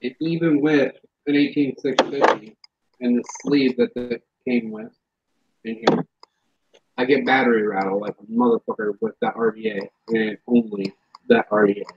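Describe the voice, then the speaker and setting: A man's voice: mid-range voice, big pitch swings, moderate pace, creaky, slight background noise. A man hosting a casual chat about vaping gear, blunt and swearing freely, on a dull lo-fi recording. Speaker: vaping show host.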